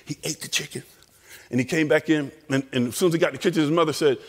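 Animated preacher in a reverberant chapel. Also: male voice, fairly high pitch, fast, husky. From American South. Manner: animated storyteller acting out voices. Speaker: chapel speaker. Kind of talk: storytelling sermon. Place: college chapel.

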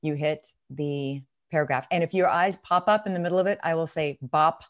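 Low-voiced woman coaching with emphasis. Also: fairly quick. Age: middle-aged. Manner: emphatic, demonstrative teaching with quoted examples. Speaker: acting coach. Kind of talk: instructional interview.

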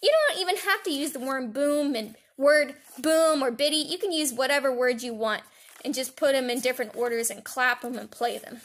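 High-voiced cheerful woman music teacher. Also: moderate pace. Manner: cheerful, leads chants and clapping with counts. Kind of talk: online lesson for young children. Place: home recording for distance learning.

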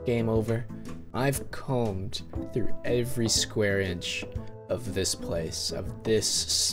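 A man giving excitable, profane, joking commentary while playing a horror game. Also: fairly low pitch. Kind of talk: let's play commentary. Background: game music.

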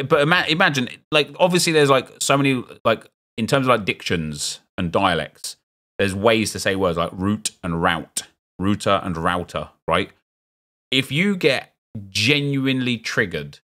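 With a fairly low pitch and a sharp tone, this South London streamer rambles through casual commentary while opening football video game packs. He's chatty and keeps up jokey asides to his chat.

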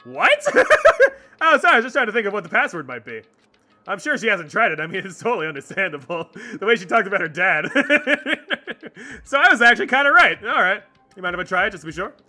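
A man's voice: high-pitched, big pitch swings, quick pace, sharp tone, faint music behind. A man streaming a video game, reading the dialogue aloud and joking, swearing and laughing often. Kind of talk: let's play commentary.

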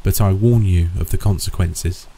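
A man voicing a grave, solemn old soldier who speaks slowly and warns of danger. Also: low voice, mellow, rough recording. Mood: solemn warning. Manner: slow and solemn.

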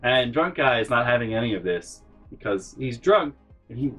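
A man telling a funny story in a profane, animated way, acting out the people in it. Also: mid-range voice, fairly quick, breathy edge, faint music behind, rough recording. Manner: animated, profane, acts out every character. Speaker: storytelling comedy vlogger. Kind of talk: comedic storytelling.

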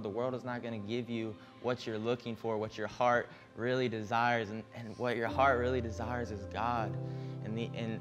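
A man giving a personal church testimony, earnest and passionate, often repeating words as he searches for them. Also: on the low side.

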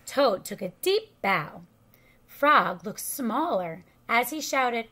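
Brief: female children's story reader, high pitch, unhurried and careful. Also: expressive, bright, forceful tone, breathy edge. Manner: slow, careful read-aloud for children. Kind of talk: children's story read-aloud.

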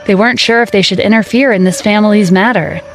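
A woman reading a dramatic story aloud as narrator, in a steady storytelling manner. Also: medium pitch, fast, faint music behind. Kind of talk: scripted narration.

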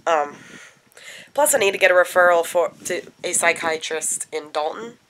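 Stuffy raspy woman rambling thru a home vlog, kinda low voice, lots of ums. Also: moderate pace, fairly bright tone, a little hiss or hum. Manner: rambling chatty with many fillers. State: congested, stuffy nose. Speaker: vlogger. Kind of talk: casual daily vlog.

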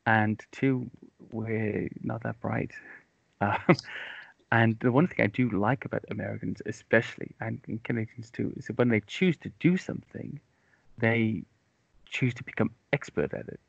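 A man's voice: lowish voice, fairly even intonation, moderate pace, creaky, slightly rough, no room sound. A British man hosting a casual chat, talking in a chatty, self-mocking and rambling way. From United Kingdom. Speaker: podcast host. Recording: dry, dull lo-fi sound.

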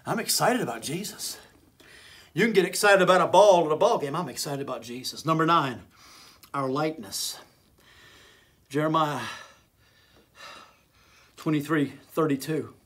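Give me a man preaching a fiery sermon with a bright, piercing voice, shouting and hammering his points. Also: on the high side, animated, normal speed, long pauses. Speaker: evangelist.

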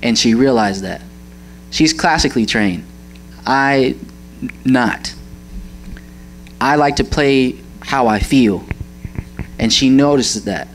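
Speaking slowly and pausing often, a young church member gives a sincere personal testimony about his mother, laughing at times and groping for the right words. His voice is mid-range, and the low-quality recording has a little hiss or hum.

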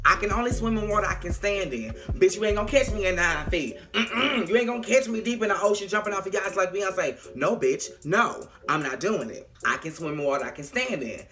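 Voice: mid-range voice, animated, brisk, few pauses, sharp tone, soft background music. A young adult vlogger recapping a TV episode in a sassy, dramatic way, acting out the characters' lines and speaking frankly and profanely to the viewers. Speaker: TV episode reviewer. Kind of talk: casual, animated recap with impressions.

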